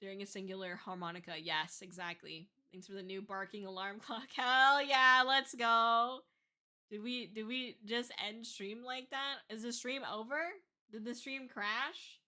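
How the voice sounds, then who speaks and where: A woman's voice: on the high side, fairly even intonation, a little slow, bright, forceful tone. A young woman chatting on a livestream as a VTuber, laughing often and swearing casually. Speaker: VTuber streamer.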